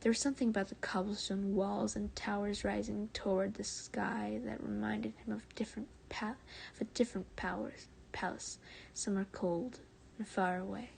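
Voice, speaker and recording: A woman streamer reading fan fiction aloud on a live stream, often soft and breathy, stumbling and correcting herself and chatting with viewers in between. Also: mid-range voice, little pitch movement, normal speed, a little hiss or hum.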